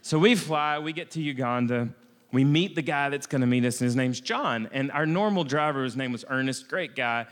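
An American man telling a self-mocking travel anecdote in a lively way, often restarting his sentences. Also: mid-range voice, normal speed, in a large hall. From United States. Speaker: storyteller. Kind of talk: comic personal travel anecdote.

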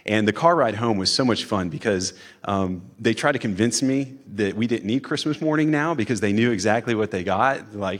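A man's voice: fairly low pitch, moderate pace. A man, a father, telling a personal story on stage in a casual, chatty way, full of "like" fillers and acted-out quotes. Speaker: storyteller, father of three boys.

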